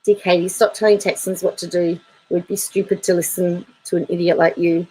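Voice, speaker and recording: Chatty woman vlogger, slightly low voice, reads viewer comments aloud with dry humor and frequent laughs. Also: level tone, fairly quick, dark tone, husky, low-quality recording. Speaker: YouTube commentator.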